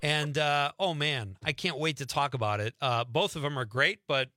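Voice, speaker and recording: A man's voice: a little high, sharp tone, dry recording, studio quality. A man hosting a radio show, chatting casually and cheerfully with a guest. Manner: upbeat, chatty, quick to laugh. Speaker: radio host.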